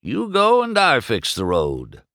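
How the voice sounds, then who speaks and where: A man's voice: medium pitch, wildly swooping pitch, a little slow, sharp tone, dry recording, clean studio sound, pitched above the performer's own voice, heavily acted. A man voicing a stern older male car in a storybook read-aloud, curt and unimpressed.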